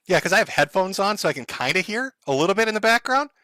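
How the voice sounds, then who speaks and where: Lively, bright-voiced male streamer, sarcastic. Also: high voice, quick pace, no echo, clean studio sound. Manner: sarcastic, laughs often, swears freely. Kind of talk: casual livestream chat.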